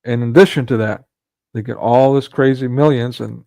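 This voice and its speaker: A man's voice: medium pitch, steady tone, brisk, creaky, dark tone, dry recording. A man delivering a ranting monologue commentary, sarcastic and scornful, breaking into mocking laughs.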